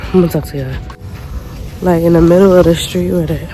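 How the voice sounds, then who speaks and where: A woman's voice: fairly low pitch, steady tone, a little fast, long pauses, noisy background. A young woman vlogging casually from her phone, chatty and exasperated, full of slang. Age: young adult. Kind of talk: casual storytime vlog. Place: outdoors on a city street.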